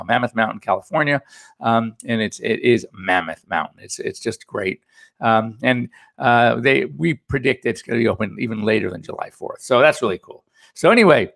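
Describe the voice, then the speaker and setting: A man's voice: mid-range voice, creaky, a bit bright. A middle-aged man hosting a pet radio show as a veterinarian, talking in a chatty, anecdotal, upbeat way. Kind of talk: casual chat.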